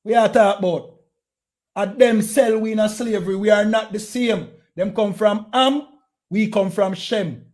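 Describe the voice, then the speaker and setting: A street preacher with a Jamaican accent delivers a heated, confrontational sermon, repeating his phrases for emphasis. His voice sits high and sounds a little mellow, and he takes an unhurried pace.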